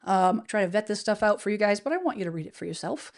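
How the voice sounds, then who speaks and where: Upbeat woman livestream host, chatty, loose, full of fillers and false starts, mid-pitched. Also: expressive, fast, vocal fry. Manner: chatty, upbeat, many fillers and restarts, laughs often. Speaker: livestream host, real estate advisor. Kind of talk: casual livestream chat. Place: home studio, indoors.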